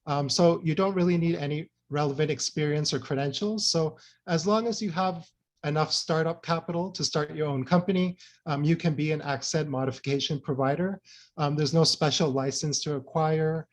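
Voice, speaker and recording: A man delivering an academic talk in a somewhat high voice. He keeps it conversational, leaning on "you know" and checking in with listeners through frequent tag questions. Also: fairly even intonation, normal speed. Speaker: invited speaker. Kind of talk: academic lecture.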